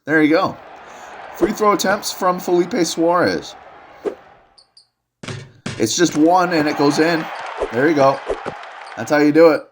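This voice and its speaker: Young male sports caller, slightly high voice, jokey energy, faint noise behind. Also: a little slow, pauses often. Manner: excitable, jokey, rises to shouts on big plays. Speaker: play-by-play commentator. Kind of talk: solo video game basketball commentary.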